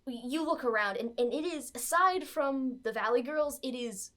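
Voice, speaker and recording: A woman's voice: high voice, moderate pace, a bit bright. A woman narrating as game master of a comedy tabletop game, casual and full of fillers.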